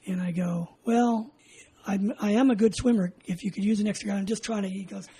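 An older man from California recounts his army days in an oral history interview. His voice is mellow and warm. He tells it in a lively way, acting out each side of the conversation and laughing along, with faint noise behind him. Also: high voice, fairly quick, poor audio. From California, USA. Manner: animated, acts out dialogue, laughs often. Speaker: interviewee, veteran.

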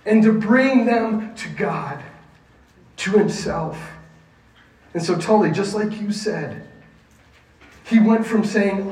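Man, youth sermon, high voice, slow delivery, emphatic questions to the group, roomy echo, distant mic. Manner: emphatic, asks the audience questions. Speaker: youth pastor. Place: room with a junior high group. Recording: echoey room, mic at a distance, faint ambience.

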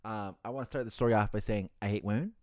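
A man's voice: fast, no room sound, studio quality. A young man co-hosting a casual podcast, telling crude jokes and acting out conversations. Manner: joking, crude, acts out dialogue in higher voices. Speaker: podcast co-host. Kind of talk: casual chat.

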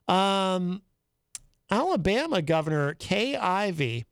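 A man hosts a call-in talk show, reading news items aloud and commenting conversationally, thinking aloud with fillers and asides. His voice is high, unhurried and smooth. The studio-quality recording has no room sound.

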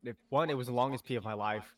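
A young man co-hosting a podcast, telling stories in a casual, animated way, swearing often and acting out what people said. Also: mid-range voice, quick pace, no echo. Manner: animated storyteller, swears a lot, acts out quotes. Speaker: podcast co-host. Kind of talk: casual chat.

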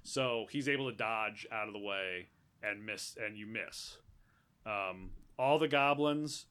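A man's voice: on the low side, measured pace, a bit bright, clean tone. A man running a tabletop game as game master, casual and thinking aloud with restarts.

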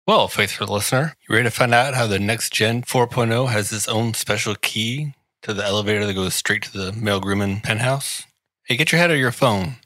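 Bright-voiced man in a mock-grand ad read. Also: fairly low pitch, brisk, dry recording. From Washington, D.C. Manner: sarcastic, mock-grandiose, teasing the listener. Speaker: podcast host reading an ad. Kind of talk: comedic ad read.

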